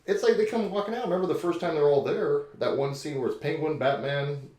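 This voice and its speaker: A man's voice: on the high side, fairly quick, darkish tone. A man co-hosting a podcast in casual chat, joking, laughing often and putting on mock outrage. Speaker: podcast co-host. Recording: roomy echo.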